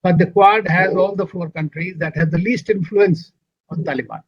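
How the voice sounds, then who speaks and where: A man's voice: sits high, normal speed, breathy edge. A man, a former ambassador, giving opinionated, conversational panel remarks over a video call. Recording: muffled lo-fi call audio.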